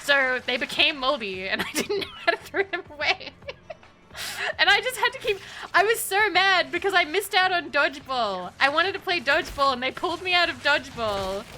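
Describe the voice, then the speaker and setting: Bright, high-voiced woman telling a story. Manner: rambling, giggly anecdote with frequent restarts. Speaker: VTuber streamer. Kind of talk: casual storytelling.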